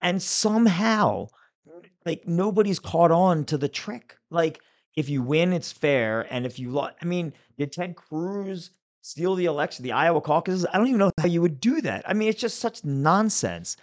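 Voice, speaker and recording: A man's voice: fairly high pitch, animated, normal speed. A man hosting a podcast, chatting casually about politics and becoming emphatic when he states his views. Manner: conversational, emphatic when opinionated. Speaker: podcast host.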